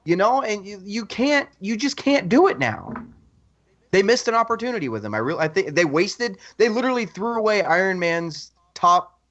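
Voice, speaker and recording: A man co-hosting a podcast, telling stories in an animated, excitable casual chat. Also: high-pitched, normal speed. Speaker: podcast co-host. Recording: dull lo-fi audio.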